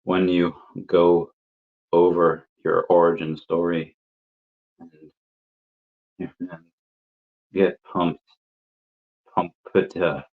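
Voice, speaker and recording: Casual male streamer with a lowish voice who rambles and laughs, coughing as he recovers; dull lo-fi audio. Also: flat delivery, slow pace, pauses often. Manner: rambling, laughs often, repeats words. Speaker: livestream host answering chat. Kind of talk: casual live chat.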